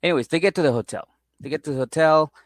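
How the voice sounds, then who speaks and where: A man's voice: on the high side, racing, no room sound, clean studio sound. A man co-hosting a comedy podcast at home, chatting casually and acting out people's lines in put-on voices. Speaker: podcast co-host recapping a reality show. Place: at home on a couch with his dog.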